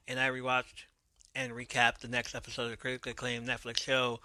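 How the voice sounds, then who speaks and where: A man's voice: mid-range voice, little pitch movement, fairly quick, pushed and bright, no echo. A man hosting a podcast, casually recapping an episode in a loose manner, swearing now and then and correcting his own slips. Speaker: podcast host.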